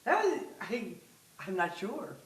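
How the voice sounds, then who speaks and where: A woman's voice: medium pitch, big pitch swings, slow, reverberant, far from the mic, rough recording. A woman music teacher coaching a student in a masterclass, patient and giving step-by-step instructions over a video call.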